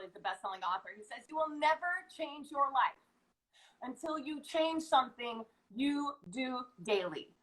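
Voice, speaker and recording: A woman speaking as an acting coach on a live video call, giving an energetic, chatty, motivational talk. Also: high voice, rough recording.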